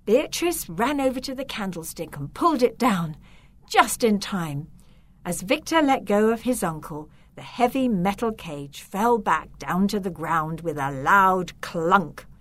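A woman narrating a children's story in a measured, expressive way. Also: mid-range voice, no room sound.

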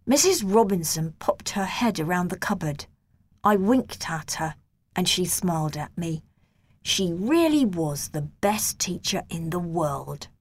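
A woman reads a children's story aloud at an unhurried pace. Her voice sits at a middle pitch, and her delivery is gentle. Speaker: narrator.

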